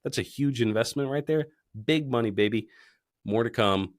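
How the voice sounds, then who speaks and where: A man's voice: mid-range voice, normal speed. A man hosting a casual podcast, joking and swearing loosely with a friend while drinking. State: tipsy from drinking beer. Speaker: podcast host. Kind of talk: casual chat. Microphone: studio mic.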